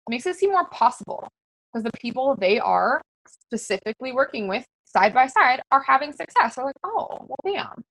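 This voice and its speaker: A woman's voice: sits high, lively intonation, a little fast, fairly bright tone, poor audio. A woman coaching fellow fitness coaches in a casual, very conversational way, full of fillers. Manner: very conversational, chatty with many fillers.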